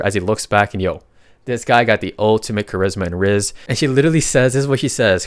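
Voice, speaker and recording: Low-voiced excited male recap narrator. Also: fast, no echo, studio quality. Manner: excited, slangy, reads dialogue with reactions. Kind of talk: casual story recap narration.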